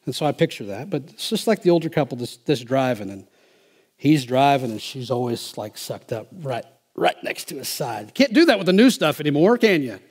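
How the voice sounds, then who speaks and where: A male pastor preaching a sermon, emphatic and swinging from quiet asides to loud, driving lines. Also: mid-range voice, very animated, brisk, husky.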